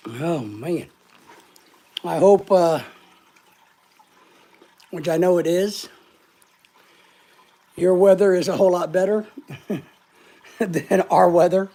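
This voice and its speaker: A woman's voice: fairly low pitch, takes it slowly, long pauses, mellow. A woman hosting a casual live stream, a little short of breath, rambling and greeting viewers one by one.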